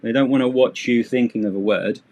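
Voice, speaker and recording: A man's voice: mid-range voice, brisk, darkish tone. Chatty man teaching English. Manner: casual, joking, sarcastic asides. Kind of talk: live-streamed English lesson.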